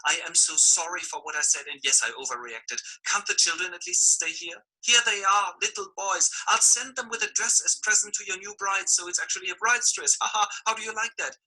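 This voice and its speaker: A man voicing a vengeful, scorned woman in a comic retelling, shrill, indignant and mocking. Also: fairly quick, few pauses, bright, forceful tone, slightly rough, full character voice, low-quality recording. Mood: falsely sweet.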